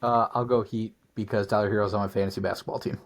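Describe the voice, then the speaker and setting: Relaxed man with a lowish voice. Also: quick pace. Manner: relaxed, casual, says dude. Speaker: podcast co-host. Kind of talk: casual sports chat.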